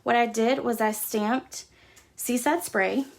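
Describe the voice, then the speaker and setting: Gravelly-voiced woman demonstrating a craft live. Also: a little high, fairly even intonation, slow. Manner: chatty, talks while working with hands. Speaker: crafting host.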